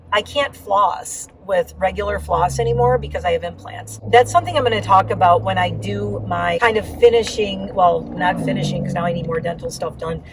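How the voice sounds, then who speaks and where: A woman's voice: lowish voice, distant mic, noisy background. A woman giving a casual, rambling vlog update with lots of fillers, talking while riding in a car. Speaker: vlogger.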